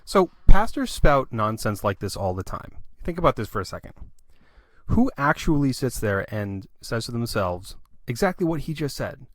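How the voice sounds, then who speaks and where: A man's voice: mid-range voice, sing-song, normal speed, dry recording. A man hosting a sermon review, speaking with blunt, skeptical criticism. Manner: skeptical and blunt, challenges the preacher. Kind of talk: critical commentary.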